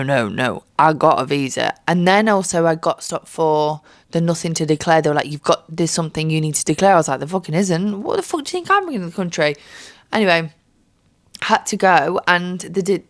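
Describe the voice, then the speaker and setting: Low-voiced tired woman, sweary chat. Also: dry recording, clean studio sound. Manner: chatty, sweary, jokey storytelling. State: tired, jet-lagged, with a stuffy cold. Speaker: podcast host. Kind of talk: casual chat. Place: bedroom.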